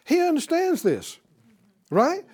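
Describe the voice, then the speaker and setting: High, lively-voiced man preaching a Bible lesson. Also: slow pace. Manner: calls out to the audience for responses; emphatic, rising on key words. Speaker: Bible teacher.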